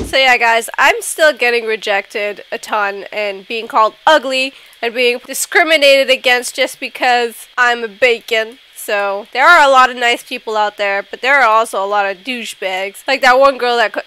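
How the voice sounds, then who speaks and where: A woman's voice: fairly high pitch, normal speed, bright, forceful tone, clear, resonant tone. A woman giving playful gameplay commentary, giggling often and getting mock-indignant. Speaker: gaming YouTuber.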